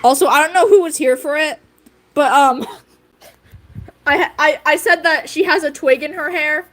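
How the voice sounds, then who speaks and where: A woman's voice: sits high, unhurried, fairly bright tone. A woman streamer chatting casually with her viewers, giggly and rambling, with frequent fillers. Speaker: livestream host. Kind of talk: casual livestream chat.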